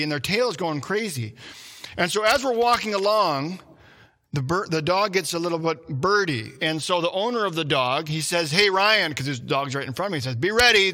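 A male pastor preaching a sermon, opening with a personal hunting story, animated and acting out shouts and his own thoughts as he tells it. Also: high-pitched, long reverb tail.

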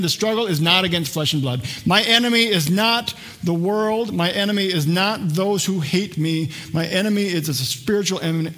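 A male pastor preaching a sermon, earnest, swinging between raised intensity and a hushed, soft delivery. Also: on the high side. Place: church sanctuary.

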